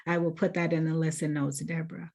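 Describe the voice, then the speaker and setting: Woman host interviewing a guest, lowish voice with some fry, lots of mm-hmms. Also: little pitch movement, fast talker, dark tone. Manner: brief affirming interjections. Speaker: podcast host. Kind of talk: casual interview.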